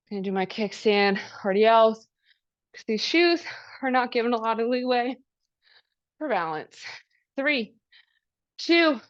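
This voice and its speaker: Brief: female workout coach, a touch high, unhurried and encouraging, slightly winded, dull lo-fi sound. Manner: upbeat, encouraging cues with countdowns. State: out of breath. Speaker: fitness coach. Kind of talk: live workout class instruction. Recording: dull lo-fi recording.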